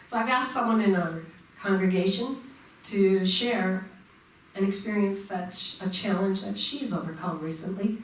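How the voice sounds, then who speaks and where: A woman's voice: mid-range voice, moderate pace, far from the mic. A woman minister giving a sermon to her congregation, engaging them with questions. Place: church sanctuary. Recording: echoey church room, mic from afar.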